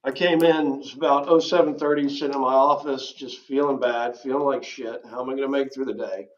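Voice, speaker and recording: A man recounts a hard personal story as an interview guest, speaking haltingly and stopping often to clear his throat. His voice sits at an ordinary pitch, and the recording is slightly dull and lo-fi. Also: steady tone. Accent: Southern American. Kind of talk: candid personal testimony.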